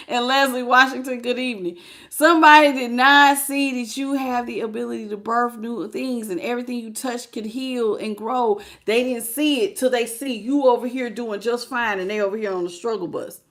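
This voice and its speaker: A woman with a fairly high voice gives a live tarot reading. She talks in a lively, slangy, casual way. She laughs often and greets her viewers by name as she goes. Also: a little fast. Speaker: tarot reader.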